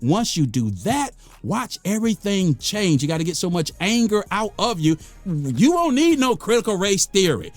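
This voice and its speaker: A man's voice: high voice, moderate pace, no echo, soft background music. An American man giving an impassioned, preachy monologue to the camera, repeating phrases for emphasis and getting worked up. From United States. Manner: gets worked up, then calms himself. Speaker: vlogger.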